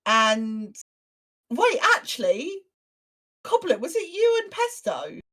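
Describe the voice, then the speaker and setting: A young woman on a casual podcast chat, telling animated anecdotes and acting out the other voices in them. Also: a little high, slow. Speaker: podcast co-host.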